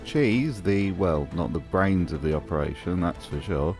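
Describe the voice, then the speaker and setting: A man's voice: sits low, animated, a little slow, darkish tone, faint music behind. A man giving scripted commentary in a dry, mocking tone. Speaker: video essay host.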